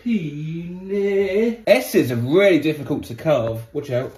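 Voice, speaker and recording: A man's voice: mid-range voice, animated, moderate pace, a little mellow. Man chatting from across a room. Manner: joking, laughing while carving. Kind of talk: casual chat. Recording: distant, roomy with faint noise.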